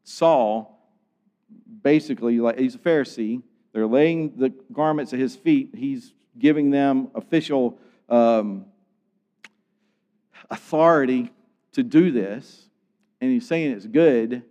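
A man preaching a sermon, acting out scenes and swinging from loud outbursts to hushed tones. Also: medium pitch, slow, pauses often, big-room sound, lo-fi sound. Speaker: pastor.

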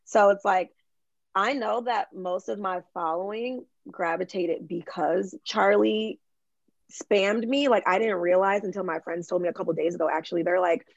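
A young adult woman from Michigan, a social media creator appearing as a guest, chats casually on a podcast with a gravelly edge to her mid-range voice and fairly even intonation. She's unscripted and easygoing, restarting sentences quickly and saying "like" constantly. The lo-fi recording is dull and dry, with no room sound.

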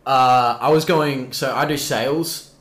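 A young man chats with his friends, swearing freely as he tells his story. His voice sits at a middling pitch. The room around him is roomy and echoey. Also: fairly even intonation, measured pace, a bit bright. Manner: swears a lot, acts out voices in his stories. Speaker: podcast co-host. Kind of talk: casual chat among friends. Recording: roomy echo.

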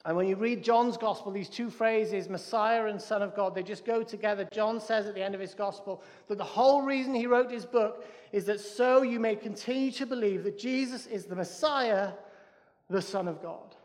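A male pastor preaching a lively sermon to his church, with a joke and frequent restarts. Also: high-pitched, moderate pace. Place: church hall. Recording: reverberant church hall.

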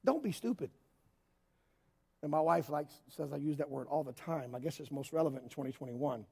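A man preaching a sermon in a church hall, swinging between yelling and quiet asides. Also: fairly high pitch, a little fast, gravelly, slightly rough. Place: church hall with worship band.

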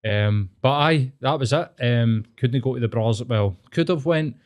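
A man's voice: mid-range voice, unhurried. Sweary young Glasgow man chatting. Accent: Scottish, Glasgow. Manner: sweary, rambling storytelling. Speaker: podcast co-host. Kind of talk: casual chat.

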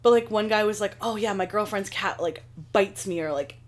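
A young woman telling stories in relaxed, rambling casual chat, filled with "like". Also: medium pitch, brisk. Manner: relaxed, rambling, heavy use of "like".

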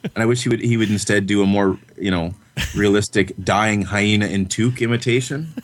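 A man from Canada picks a film apart on a podcast. His voice is very deep. He talks in a dry, sarcastic way and nitpicks at length. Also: fairly quick. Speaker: podcast co-host. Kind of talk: casual film review chat.

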